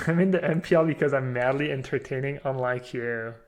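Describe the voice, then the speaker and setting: A man's voice: mid-range voice, brisk. Chatty self-mocking male game streamer. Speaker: streamer playing a card game. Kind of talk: casual live-stream commentary.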